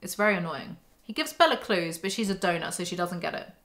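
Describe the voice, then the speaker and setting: Sarcastic woman, book recap host, bright edgy tone. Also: fairly low pitch, expressive, fast. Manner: sarcastic, mocking asides. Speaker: book commentary YouTuber. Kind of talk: casual snarky book recap.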